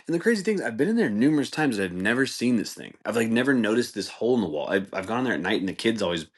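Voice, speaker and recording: A man with a very low voice hosts a podcast, telling stories in a loose, rambling way. He swears freely and leans on "like" and "dude" in nearly every sentence. When he quotes other people, his voice jumps far higher. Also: very animated, racing. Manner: laid-back, swears a lot, fills with "like" and "dude". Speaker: podcast host. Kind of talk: casual storytelling monologue.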